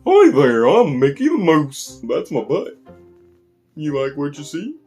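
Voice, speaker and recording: A man's voice: fairly high pitch, huge pitch swings, measured pace, a little mellow, slightly rough, faint music behind, voice pushed up, exaggerated voice. A man voicing a cheeky, teasing male moose puppet.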